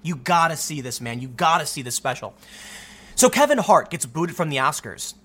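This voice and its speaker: A man giving opinionated solo commentary in an emphatic, animated way, often repeating words as he gets going. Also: fairly high pitch, normal speed, husky. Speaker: political commentator.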